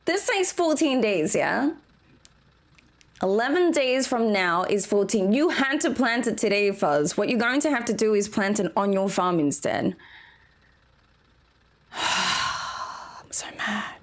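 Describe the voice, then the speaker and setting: A woman's voice: medium pitch, lively intonation, moderate pace. A woman from Australia streaming a farming game, chatting casually with her viewers and giggling often as she plays. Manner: chatty, giggly, talks to chat while playing. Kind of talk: casual gameplay commentary.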